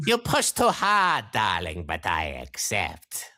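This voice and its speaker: A man's voice: lowish voice, huge pitch swings, pushed and bright, full character voice. A man voicing an imperious tiny female fashion designer in a clipped, nasal, haughty manner. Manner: clipped, haughty, drawn-out "darling".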